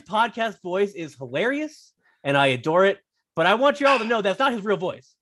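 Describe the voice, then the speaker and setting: Male podcast guest, slightly high voice, wry, teasing, casual chat. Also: very animated, a bit bright. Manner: wry, teasing, quick to joke. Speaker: podcast guest, sports writer.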